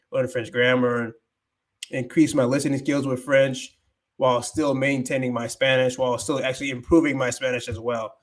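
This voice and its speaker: Rambling man chatting on a livestream. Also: mid-range voice. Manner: rambling, thinking aloud, mixing Spanish phrases. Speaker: livestream host, language learner. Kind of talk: casual livestream chat.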